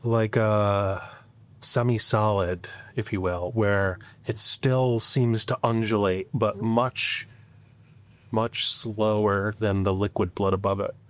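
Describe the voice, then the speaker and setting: A man narrating as game master, describing scenes in a halting way with frequent fillers. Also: fairly low pitch, fairly even intonation.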